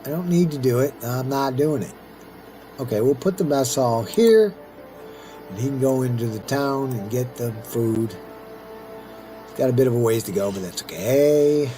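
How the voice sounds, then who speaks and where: A man's voice: medium pitch, animated, moderate pace, mellow, soft background music. A middle-aged man casually commenting on his own strategy gameplay, rambling and talking to himself as he plays. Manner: rambling, chatty, talks to himself while playing. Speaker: let's-play host.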